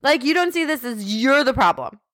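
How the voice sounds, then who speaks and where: A woman's voice: high-pitched, lively intonation, brisk, a bit bright, no echo, studio quality. A woman co-hosting a podcast, retelling a criminal case in casual chat, full of "like" fillers and indignant asides. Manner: chatty, heavy use of "like" as a filler. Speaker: podcast co-host. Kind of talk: casual true-crime chat.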